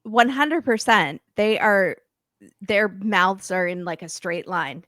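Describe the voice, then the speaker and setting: A woman's voice: medium pitch, slow, a bit bright, no echo, studio quality. A woman guest on a podcast, making wry joking asides in casual chat.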